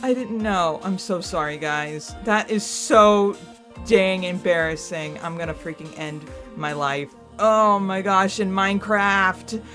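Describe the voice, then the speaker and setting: Young female let's-play host, exasperated and rambling, drawn-out delivery, soft music bed. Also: medium pitch. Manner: exasperated, self-scolding outbursts and rambling theorizing. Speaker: gaming YouTuber playing through a game.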